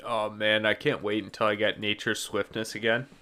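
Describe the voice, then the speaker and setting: A man streaming a game, talking casually to his viewers in a relaxed, rambling way with lots of fillers. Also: fairly low pitch, moderate pace. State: yawning, sleepy. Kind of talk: casual gaming chat with chat viewers.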